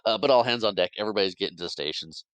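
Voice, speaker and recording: A man with a slightly low, bright voice retells movie scenes on a podcast, slipping into the characters' lines as he goes and laughing along. The recording is dry and close, with no room sound. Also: very fast, no echo, poor audio. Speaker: podcast co-host. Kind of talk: casual movie recap chat.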